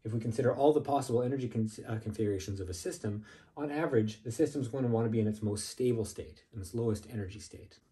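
A man with a mellow, relaxed tone lecturing on physics. He explains casually and keeps checking in with his listeners. His pitch sits in the middle range. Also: quick pace. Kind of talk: recorded lecture.

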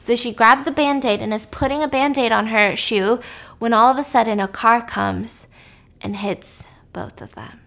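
A woman with a fairly high voice retells a thriller plot in a casual, chatty recap. She is lively and animated, and she sinks into hushed whispers at the tense moments. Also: normal speed, creaky. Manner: animated, drops to whispers for suspense. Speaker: podcast host.

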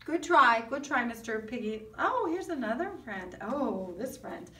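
An expressive woman with a high, pushed, bright voice takes her time as she teaches kindergarteners music online with puppets. She uses sing-song questions to coax the children, and the audio is roomy, coming from a distant mic.

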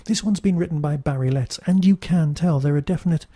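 Geordie guy reviewing on his podcast, wry and rambly, mellow husky voice, dry close mic. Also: on the high side, fairly quick, dry recording. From Newcastle, England. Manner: chatty, wry, digressive. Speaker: podcast host. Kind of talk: casual review monologue.

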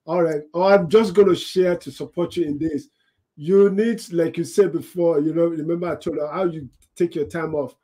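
A man's voice: a little high, steady tone, normal speed, mellow, husky. A man calling into a live-stream, friendly and encouraging in casual chat.

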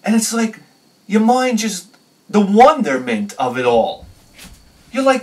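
Excitable male vlogger telling a story, bursts loud then drops quiet, slightly raised pitch, miked from a distance. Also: slow, long pauses. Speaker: video host. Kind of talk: animated personal storytelling.

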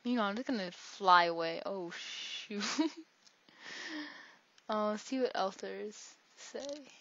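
A woman's voice: medium pitch, animated, measured pace, sharp tone. A woman giving casual, rambling let's-play commentary, joking and talking to herself as she plays. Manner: rambling, jokey, talks to herself. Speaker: gameplay commentator. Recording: dull lo-fi recording.

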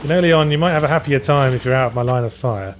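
A man's voice: mid-range voice, fast. A man talks casually over gameplay with a dry, sarcastic edge. His voice sits mid-range, and he hums little tunes and mutters under his breath while he plays. A faint noise hangs behind him. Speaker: let's play co-host.

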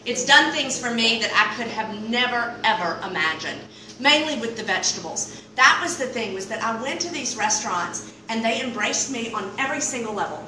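A middle-aged woman with a Southern American accent, telling a comic story to a live audience in an animated, rambling way and acting out the dialogue. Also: a little high, moderate pace. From Mississippi Delta, US. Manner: animated, rambling, acts out dialogue with big swings. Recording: far-off, very echoey room with noise.

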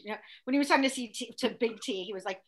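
A young adult woman co-hosting an aftershow, talking in an animated, rambling way and acting out her reactions. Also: fairly high pitch, racing. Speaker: aftershow co-host. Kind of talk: casual chat.

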